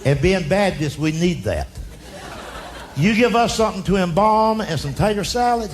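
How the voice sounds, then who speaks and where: Speaking into a stage mic, a middle-aged American comic tells folksy stand-up stories with a drawl, his high-pitched voice swinging widely at a moderate pace. The live club recording picks up crowd noise, with audience laughter in the background.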